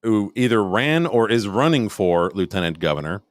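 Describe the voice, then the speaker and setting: A man's voice: fairly low pitch, very animated, moderate pace, no room sound, clean studio sound. An older man co-hosting a podcast, giving blunt, sarcastic commentary in casual chat. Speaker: podcast co-host.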